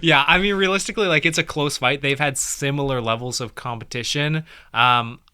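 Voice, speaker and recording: Bright, smooth young guy co-hosting a chat. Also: mid-range voice, fairly quick. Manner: relaxed, joking, laughs often. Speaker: co-host. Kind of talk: casual fight-prediction chat.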